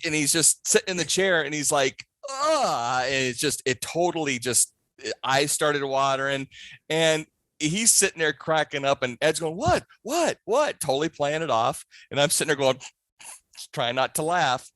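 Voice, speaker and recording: A man in a casual podcast interview, telling a backstage prank story with animated delivery and acting out the other people's voices. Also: a little high, normal speed, no room sound. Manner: animated, acts out voices in his stories. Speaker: podcast guest, haunt scare actor.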